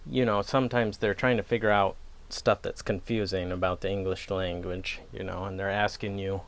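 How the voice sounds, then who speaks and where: A deep-voiced man with a Wisconsin accent chats steadily at a moderate pace on his pipe-smoking channel. The casual vlog wanders off on tangents, and he laughs at himself along the way.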